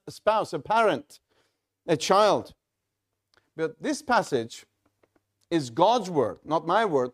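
A male pastor preaching a sermon in a measured, halting delivery with frequent restarts. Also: fairly high pitch.

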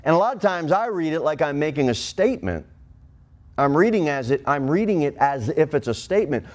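A man preaching a sermon as pastor, with emphatic swings in pitch and pace. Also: big pitch swings, fairly quick, a little mellow.

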